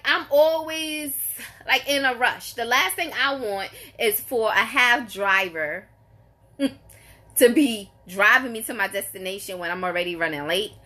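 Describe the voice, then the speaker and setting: A woman's voice: on the high side, pushed and bright. A woman, telling a story to her live chat in a casual, emphatic, exasperated way, repeating herself for effect. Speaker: vlogger greeting live viewers.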